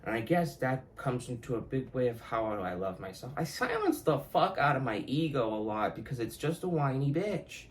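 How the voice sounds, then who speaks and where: A man's voice: mid-range voice, big pitch swings, normal speed, hardly any pauses, slight background noise, poor audio. Young male podcast host, mid-range voice, loose and profane, introspective, laughs through his own points. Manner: profane, reflective, laughs often. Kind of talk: casual solo monologue.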